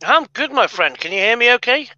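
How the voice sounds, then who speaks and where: A British man chatting as a guest, effusive and full of jokes. His voice is high with a bright, forward edge. Dry, close sound. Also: big pitch swings, brisk, no room sound, lo-fi sound. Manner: effusive, jokey, congratulatory. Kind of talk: casual livestream chat.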